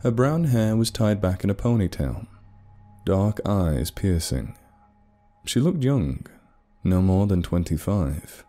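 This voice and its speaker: A man narrating a dramatic story in a measured storytelling voice. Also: low voice, lively intonation, dark tone, soft background music.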